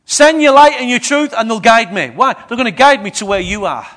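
A man's voice: very high voice, lively intonation, brisk, a bit bright. A man preaching a sermon, questioning his congregation as he goes.

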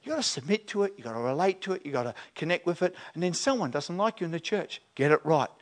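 Male pastor, slightly high voice, animated conversational sermon delivery. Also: quick pace. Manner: animated, acts out voices and questions.

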